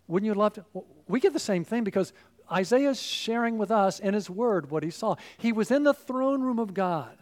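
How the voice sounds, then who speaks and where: A man with a high-pitched voice delivers a sermon. He is emphatic, rising to loud exclamations and then dropping to hushed asides as he preaches. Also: a little fast.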